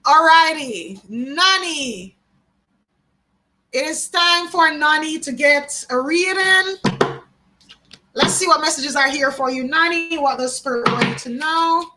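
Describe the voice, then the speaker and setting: A woman's voice: high-pitched, slow, background noise. A woman from Jamaica, giving a live psychic card reading and musing aloud, often repeating names and phrases. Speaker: tarot card reader.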